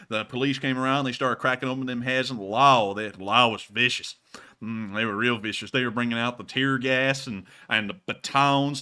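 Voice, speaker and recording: A man's voice: medium pitch, sharp tone, clear, resonant tone, close to an everyday voice. A man voicing a folksy rural Southern good-old-boy man with a put-on Southern American drawl, repeating folksy catchphrases, as a comic impression on a live stream. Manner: folksy drawl, repeats "I tell you what".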